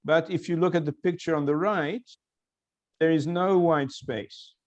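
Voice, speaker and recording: Male lecturer, a bit high-pitched, patient and repetitive, muffled lo-fi sound. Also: a little slow. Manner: explanatory, repeats key phrases for emphasis. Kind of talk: recorded lecture. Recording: dull lo-fi lecture recording.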